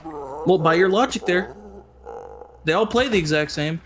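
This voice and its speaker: A man's voice: on the high side, expressive, measured pace, slight background noise. A man in casual voice-chat banter, arguing and teasing his friends. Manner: argumentative, teasing. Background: game music.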